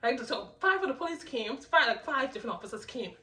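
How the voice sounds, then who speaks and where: A young woman vlogger telling a storytime, animated and laughing, with lots of restarts. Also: high-pitched, quick pace, recorded from a distance, rough recording. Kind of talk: storytime narration.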